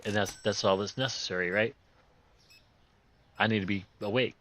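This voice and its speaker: A man with a hoarse voice that is still recovering, hosting a video game playthrough with rambling, joking casual commentary in folksy, loose grammar. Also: fairly low pitch, fairly even intonation, normal speed, a bit bright. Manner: joking, rambling, chuckles often. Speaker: host playing a video game.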